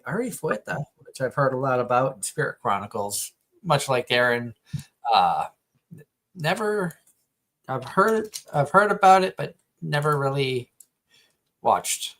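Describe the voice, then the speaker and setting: A man's voice: mid-range voice, expressive, a little slow, fairly bright tone. A man co-hosting a livestream, chatting casually while gaming, reading off lists and teasing his co-host.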